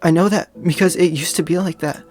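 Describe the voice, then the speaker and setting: A game player reading aloud as a timid, sad teenage girl who speaks softly and hesitantly. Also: medium pitch, fairly even intonation, brisk, lightly acted. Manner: soft, hesitant. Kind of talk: reading a visual novel aloud.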